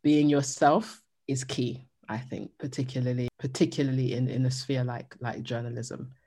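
A woman with a notably low voice speaks as an interview guest. She answers earnestly and keeps circling back on her words, repeating phrases while she finds the next thought. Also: steady tone, moderate pace, warm tone. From Jamaican heritage.

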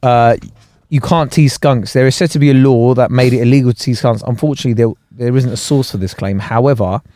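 A man's voice: mid-range voice, brisk, mellow, no room sound. A man co-hosting a podcast in casual, rambling, jokey chat with many restarts. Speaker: podcast co-host.

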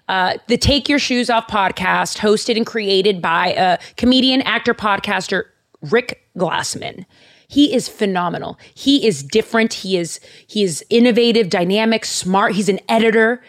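A young woman co-hosting a podcast, telling stories in an animated, casual way, with frequent fillers and restarts. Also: medium pitch. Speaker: podcast co-host. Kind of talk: casual chat.

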